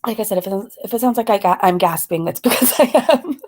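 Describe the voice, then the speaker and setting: A woman's voice: mid-range voice, quick pace, a little mellow. A woman hosting a casual live stream. She is slightly out of breath, greets viewers by name and laughs between phrases.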